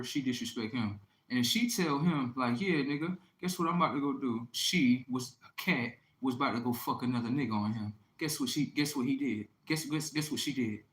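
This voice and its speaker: A man's voice: mid-range voice, fairly bright tone. Brash man in an echoey room. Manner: brash, crude, keeps asking "right?". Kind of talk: profane storytelling monologue.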